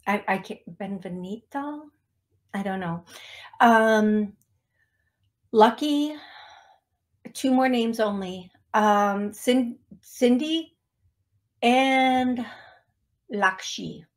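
A woman's voice: fairly high pitch, very slow, pauses often. A woman hosting a psychic medium radio show, chatty and self-deprecating, often laughing at herself. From United States. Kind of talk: casual radio show talk.

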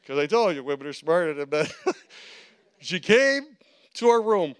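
A male pastor preaching a sermon, telling stories with animated quoted voices and frequent laughter. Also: a little high, normal speed, clean tone. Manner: animated storytelling, acts out quotes, laughs often. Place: church.

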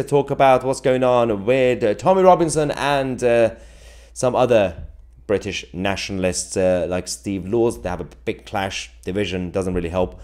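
A man's voice: fairly low pitch, normal speed, darkish tone, smooth. A man hosting a political live stream, chatting casually and jokily as he reads viewer comments, with frequent chuckles and rambling asides. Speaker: political livestream host.

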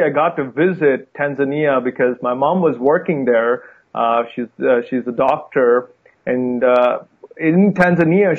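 A young man from India with a lightly Indian accent, a conservationist guest talking casually and enthusiastically about his work from a room at home. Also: medium pitch. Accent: Indian, softened by time in the U.S. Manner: friendly, enthusiastic, with fillers and light laughs. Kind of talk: casual interview talk. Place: home room with a guitar behind him. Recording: tinny phone-like line.

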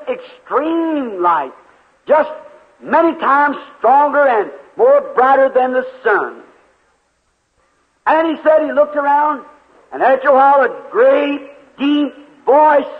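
A high-voiced man preaches a revival sermon, acting out the people in his story as he goes. The old recording sounds thin and tinny, like a phone line, and his voice rings through a long hall reverb. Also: animated, unhurried, long pauses. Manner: dramatic storytelling, voicing the characters in his story, rising to shouts.

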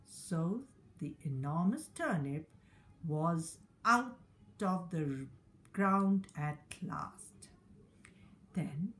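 A woman teacher reading a story aloud to young children, counting along with them in a gentle sing-song way. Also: mid-range voice. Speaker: early years teacher.

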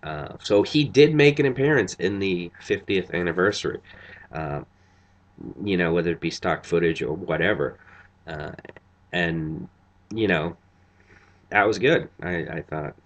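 Deep-voiced man rambling through a review. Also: a little slow, pauses often. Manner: rambling, many fillers and restarts. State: tired after a long night. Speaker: vlogger reviewing a TV episode. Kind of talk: casual spoken review.

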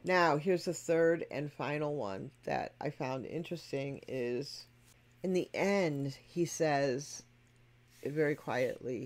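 A music reaction host talks straight to the viewers at a mid pitch, stressing each point as they explain it. The delivery is casual and conversational. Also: takes it slowly, gravelly, a little mellow. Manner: emphatic and explanatory, addresses viewers directly. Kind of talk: casual spoken commentary to viewers.

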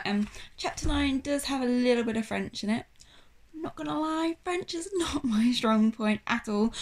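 English woman teacher, 40s, fairly high, chatty and reassuring, reading a class novel aloud. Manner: chatty, reassuring, frequent "okay?" checks. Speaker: primary school teacher.

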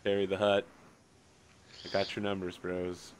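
A man's voice: sits low, monotone, unhurried. A man narrating as game master, moving between room descriptions and joking banter with the players.

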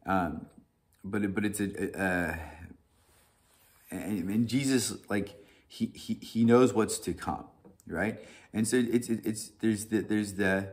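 A man's voice: lowish voice, slow pace, pauses often. A man leading a Bible study, reading scripture and then talking it over loosely, with frequent restarts, "right?" and chuckles. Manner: animated, many restarts and "right?", chuckles often.

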